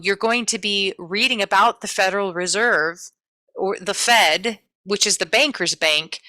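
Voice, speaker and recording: A woman's voice: medium pitch, bright, forceful tone, no echo, poor audio. Chatty woman teaching real estate, talks right at her students, dry sound. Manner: chatty, talks to students directly, acts out their reactions. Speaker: real estate exam instructor. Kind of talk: casual live class lecture.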